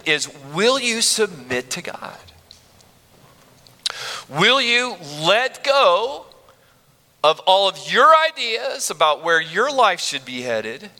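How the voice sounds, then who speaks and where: A man's voice: on the high side, bright, forceful tone. A male pastor preaching a sermon in a church, earnest and conversational, often restarting his phrases. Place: church sanctuary. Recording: long reverb of a large hall.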